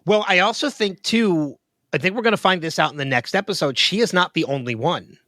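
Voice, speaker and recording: A man's voice: sits high, fairly quick, a bit bright, no room sound. A man co-hosting a podcast, chatting casually and thinking aloud with frequent ums and restarts. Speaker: podcast co-host. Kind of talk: casual chat.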